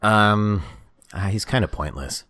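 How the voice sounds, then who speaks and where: Low voiced guy on a movie podcast, fed up and sarcastic, swears a bunch. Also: expressive, measured pace, pushed and bright. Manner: exasperated, sarcastic, swears a lot. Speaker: podcast co-host. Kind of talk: casual movie-review banter.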